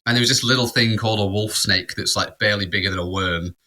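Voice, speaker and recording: A man's voice: on the low side, fast talker, bright, forceful tone. A man, co-hosting a podcast and telling a rambling anecdote in casual chat, with restarts and laughter. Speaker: podcast co-host. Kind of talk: casual storytelling.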